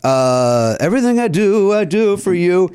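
A man telling a long story in casual podcast chat, animated and a bit profane, with high mock voices for people he quotes. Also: normal speed, clean tone, no echo. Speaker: podcast host.

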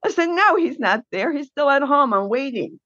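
A woman's voice: high-pitched, lively intonation, normal speed, fairly bright tone, dry recording, muffled recording. A woman guest telling her caregiving story in a blunt, indignant way. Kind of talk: emotional personal account.

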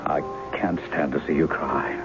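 A man's voice: a bass voice, steady tone, moderate pace. An actor playing a charming male impostor in a 1970s radio drama, wry and teasing, often laughing. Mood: pleading. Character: charming male impostor, a blocked novelist posing as a husband. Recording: dull old radio broadcast with music.

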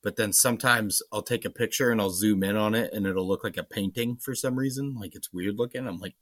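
A man's voice: on the low side, a little fast, fairly bright tone, no room sound, clean studio sound. A man from Maine with a light Maine accent, co-hosting a casual podcast chat, joking and swearing freely. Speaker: podcast co-host.

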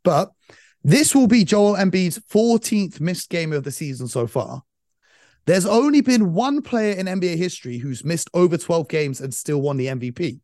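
Animated man hosting sports talk. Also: sits high, normal speed, no room sound, studio quality. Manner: animated, laughing, stats-heavy. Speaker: podcast host. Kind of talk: casual sports chat.

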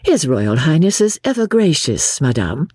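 A woman's voice: sits low, very animated, a little slow, mellow, husky, no room sound, studio quality, voice pushed up, exaggerated voice. A woman doing a teasing society lady. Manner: light, teasing, gay. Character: witty, mischievous young society lady.

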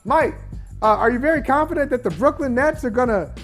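A man's voice: very high-pitched, lively intonation, brisk, faint music behind. A man on a sports debate panel, teasing and mocking a co-host with laughs.

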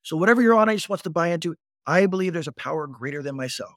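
A man in his fifties telling his life story as an interview guest, animated and addressing the host directly. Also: a little high, fast talker, dry recording, studio quality. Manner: animated storyteller who acts out quoted voices and keeps addressing the host. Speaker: guest recounting his recovery.

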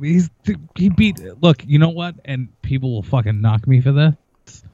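A man's voice: mid-range voice, normal speed, warm tone, no room sound, highs cut off. A man on a podcast in casual sports chat, blunt and heavy on swearing, ranting with heat. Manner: blunt, profane, heated ranting. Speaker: podcast co-host.

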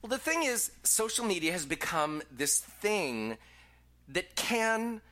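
Interview host, bright voice, lively pitch, enthusiastic rambling questions. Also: takes it slowly. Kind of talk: casual interview chat.

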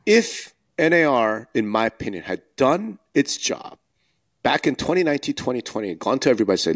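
A man's voice: medium pitch, sing-song, a little fast. A man co-hosting a podcast, talking bluntly and emphatically, firing off rhetorical questions. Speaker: podcast co-host. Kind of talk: casual podcast discussion.

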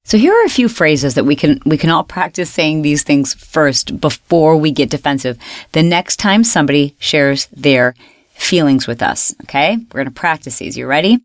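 A woman's voice: sits low, expressive, moderate pace, no room sound, clean studio sound. A woman hosting a self-help podcast, coaching listeners and repeating example phrases aloud. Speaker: podcast host.

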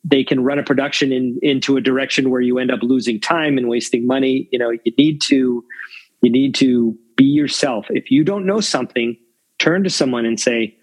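A man's voice: mid-range voice, moderate pace, slightly rough, low-quality recording. A man in his fifties, a longtime film crew veteran, giving candid, reflective interview answers full of fillers. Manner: reflective, rambling with many fillers.

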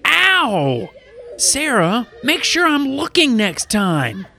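A man's voice: very high voice, sing-song, slow, fairly bright tone, pitched above the performer's own voice, heavily acted. A man voicing an eager young girl who begs and pleads in a Bible story for kids. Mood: hurt. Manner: eager, begging.

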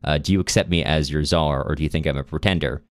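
A man's voice: very deep voice, steady tone, fast, clean tone, no room sound, voice pushed down. A man voicing a grand male rebel leader in a podcast recap, with an offhand, casually imperious manner. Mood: probing.

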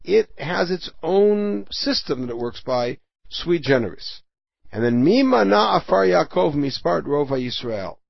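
A man's voice: fairly high pitch, lively intonation, unhurried, creaky, no echo, lo-fi sound. A man teaching the weekly Torah portion, reading Hebrew verses aloud and then explaining them in plain speech.

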